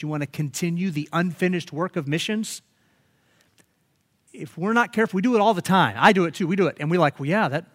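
A man preaching a sermon as pastor, animated and emphatic, often restarting his phrases. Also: fairly high pitch.

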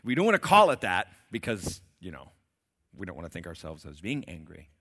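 A man preaching a sermon, asking his congregation questions and swinging between loud emphatic peaks and quiet low passages. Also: wildly swooping pitch, a little fast, breathy edge. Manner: asks the congregation rhetorical questions. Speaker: pastor.

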